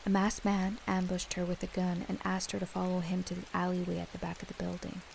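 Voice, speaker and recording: A young woman reading a first-person horror story in a steady, scripted narration. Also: lowish voice, fairly quick, vocal fry, a little hiss or hum, low-quality recording.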